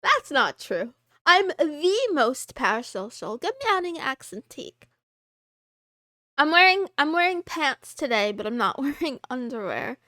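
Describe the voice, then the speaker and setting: A woman live streamer chatting casually and greeting her chat, giggly and excitable. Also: sits high, unhurried, dry recording, studio quality.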